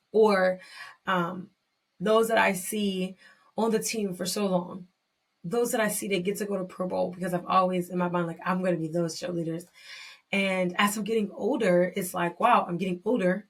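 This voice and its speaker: A young adult woman hosting a podcast reflects candidly and emotionally in a personal monologue. She often restarts her sentences and breaks into excited bursts, speaking in a mid-range voice.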